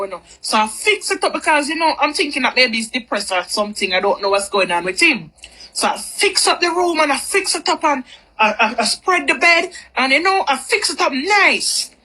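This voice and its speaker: A woman's voice: sits high, expressive, brisk, sharp tone, rough recording. A woman telling a personal story in a candid, rambling, chatty way. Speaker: vlogger. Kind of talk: storytime monologue.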